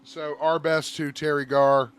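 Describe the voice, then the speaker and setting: Guy hosting a podcast, chill rambling chat, cusses a lot, smooth clear voice. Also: a little high, level tone, measured pace. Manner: swears, laughs often, loose and rambling. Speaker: podcast host. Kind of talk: casual chat.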